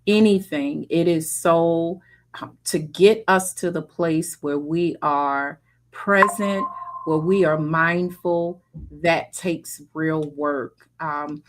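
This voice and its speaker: A woman's voice: low voice, steady tone, takes it slowly, slight background noise. A woman hosting an interview, speaking in an earnest, affirming way. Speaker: interview host. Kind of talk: conversational interview.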